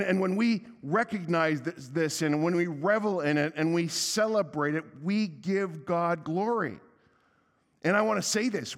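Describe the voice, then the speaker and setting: A man preaching a sermon as pastor, conversational and emphatic, with a humorous aside and a softer voice when he prays. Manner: softer and lower for prayer. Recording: long reverb of a church hall.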